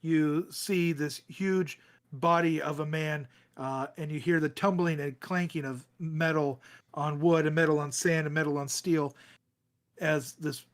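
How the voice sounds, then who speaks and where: A man running a tabletop game as game master, narrating an action scene in halting bursts with many fillers. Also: a little high.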